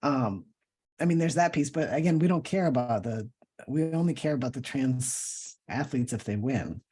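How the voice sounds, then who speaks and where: Man, husky voice, mid pitch, interview guest, reflective, searching for words. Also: animated, moderate pace, a little mellow. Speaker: guest, professor and cartoonist. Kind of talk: casual conversational interview.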